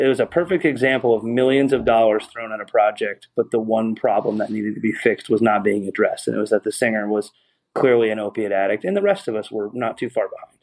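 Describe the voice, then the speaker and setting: A man's voice: on the low side, rough recording. A man from California, a musician turned manager, telling candid stories in an interview and laughing wryly at himself.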